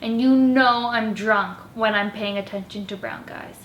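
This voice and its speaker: A woman's voice: medium pitch, measured pace, highs cut off, a little hiss or hum, natural voice. A woman quoting her ex-roommate, a blunt and self-absorbed young woman, in a room with echo. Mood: casual. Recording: echoey room.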